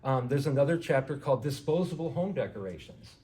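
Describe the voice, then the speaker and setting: In an indoor hall with an audience, a man who writes and speaks for garden clubs delivers a casual, conversational lecture, frequently saying "you know" and testing listeners with questions. His mid-range voice is quick, lively in intonation, and a little mellow, captured from afar amid echo.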